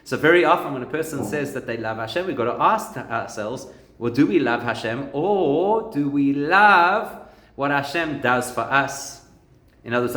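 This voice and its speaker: Rabbi guy teaching a class, chatty with jokes, normal pitch, echoey room. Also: expressive, moderate pace, a bit bright. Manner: conversational teaching with humorous anecdotes. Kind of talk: Torah lesson.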